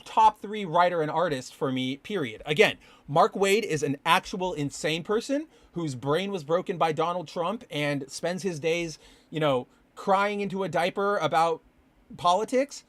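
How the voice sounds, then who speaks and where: Man, podcast host, casual chat, rambling, animated, slightly high voice, dry sound. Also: normal speed, no room sound. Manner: rambling, animated, swears when excited. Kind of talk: casual comic book commentary. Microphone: live stream with chat.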